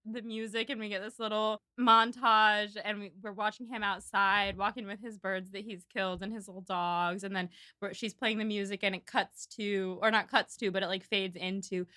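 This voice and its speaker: A woman's voice: mid-range voice, normal speed, few pauses, clear, resonant tone, no room sound, studio quality. A woman co-hosting a podcast, casually recapping a film and acting out the characters' lines. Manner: animated, acts out characters' lines. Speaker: podcast co-host.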